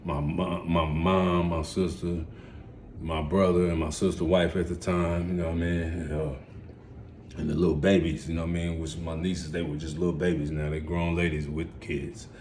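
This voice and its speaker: A man in his forties telling his life story in a casual, rambling way, heavy on street slang, dropping to mumbles and then jumping up loud and excited. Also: low-pitched, normal speed, a little hiss or hum. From United States.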